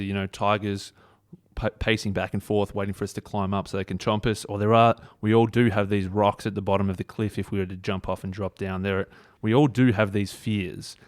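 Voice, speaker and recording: A young man talks through a book in a loose, conversational way. His voice sits on the low side, and he tells stories with a relaxed, chatty manner. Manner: easygoing, chatty storyteller. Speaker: podcast co-host. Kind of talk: casual book discussion.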